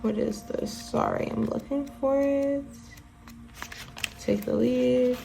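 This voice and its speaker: A woman's voice: sits high, fairly even intonation, slow pace, vocal fry, dark tone, soft background music. A woman giving a casual tarot reading to her viewers, chatty and mixing readings from the deck's guidebook with asides to the audience. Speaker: tarot card reader.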